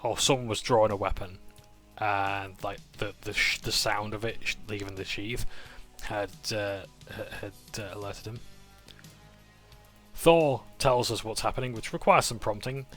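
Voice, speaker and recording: A man's voice: fairly low pitch, unhurried, a bit bright, soft background music. A man recapping a tabletop game session in a casual, rambling way. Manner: rambling, with fillers and restarts.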